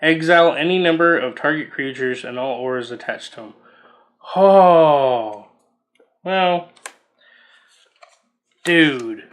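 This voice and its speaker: A man's voice: on the high side, brisk, few pauses, a bit bright. A man casually reading out trading card text as he opens booster packs, musing aloud between cards. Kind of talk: casual unboxing commentary.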